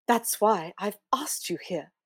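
A Scottish woman playing a calm, stern older doctor who speaks firmly and a little grandly. Her voice sits in a middle register and is recorded dry and close. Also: medium pitch, takes it slowly, breathy edge, no room sound, heavily acted. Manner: composed, firm, slightly posh.

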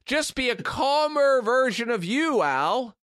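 Man, fairly high voice, blunt and sweary podcast co-host, dry close mic. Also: animated, takes it slowly, a bit bright, smooth, no echo. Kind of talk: casual chat.

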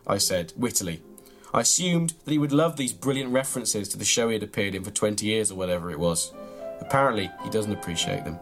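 A man, reading his own absurd comic story in a deadpan, mock-grand way, then bantering. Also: fairly low pitch, fairly quick, music in the background. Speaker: comedian reading his own tall tale.

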